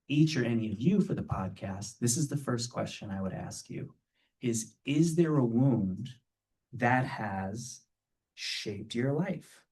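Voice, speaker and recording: A man's voice: mid-range voice, warm tone, recorded from a distance. A man giving a conversational spiritual talk to a live audience, playful and earnest, often checking in with a rhetorical "right?".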